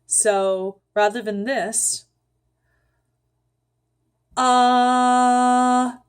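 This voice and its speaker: Calm woman teaching breath and voice. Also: mid-range voice. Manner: calm, unhurried, frequent ums, guides the listener step by step. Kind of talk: vocal instruction with sung demonstrations.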